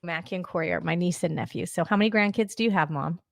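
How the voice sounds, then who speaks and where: A woman's voice: on the low side, quick pace, gravelly, no room sound, clean studio sound. A woman in her forties hosting a podcast, asking upbeat questions and prompting her guest to tell stories. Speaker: podcast host. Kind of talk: casual podcast interview.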